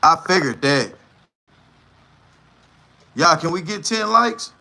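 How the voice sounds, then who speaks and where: A man's voice: on the high side, lively intonation, takes it slowly, gravelly, bright, forceful tone. A man hosting a livestream, giving blunt, profane and scornful reaction commentary. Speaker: livestream host.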